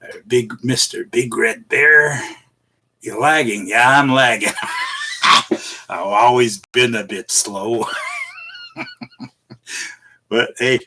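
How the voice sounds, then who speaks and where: This middle-aged Canadian speaks at a medium pitch with a sharp tone, and a slight hiss or hum sits under the audio. Hosting a casual live stream, he greets viewers by name, chuckling a lot and talking in a halting, folksy style full of "eh"s and fillers.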